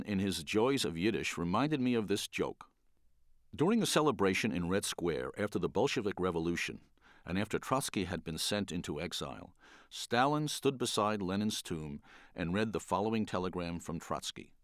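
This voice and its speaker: An older man from the Bronx tells wry stories about his illustrating work. His voice sits low and moves up and down with lively expression. The recording is dry and close. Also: dry recording. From the Bronx, New York. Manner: animated, wry storytelling. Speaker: children's book illustrator. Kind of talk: storytelling talk.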